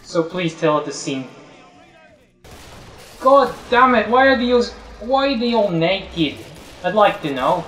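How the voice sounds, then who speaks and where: Man, chatty gamer, mock British accent, lively pitch, echoey, off-mic. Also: a little slow, pauses often, far from the mic, slight background noise. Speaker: let's play co-host. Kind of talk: casual gaming banter. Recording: roomy, off-mic.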